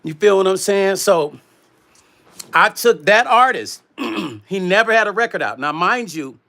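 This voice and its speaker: A man who makes music chats casually on a livestream from his home studio. He reads viewer comments aloud as he talks, and his voice is bright and sits a little high. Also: animated, measured pace, vocal fry. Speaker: music producer and vlog host.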